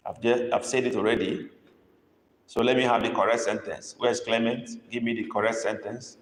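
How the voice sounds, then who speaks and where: A man teaching a live-streamed language lesson, coaxing students and repeating each prompt slowly. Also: medium pitch, fairly even intonation. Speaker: language tutor. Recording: echoey room with long reverb.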